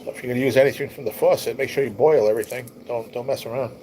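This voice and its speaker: Livestream host, male, relaxed rambler with a stuffy nose and a tiring voice, faint hiss behind him. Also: medium pitch, racing, low-quality recording. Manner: rambling, easygoing, reads chat comments aloud. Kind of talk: casual livestream chat with viewers.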